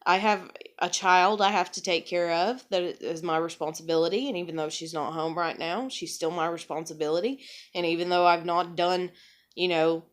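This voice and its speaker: A young woman talking candidly in a rambling personal monologue, full of fillers and swearing. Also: on the low side. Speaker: vlogger.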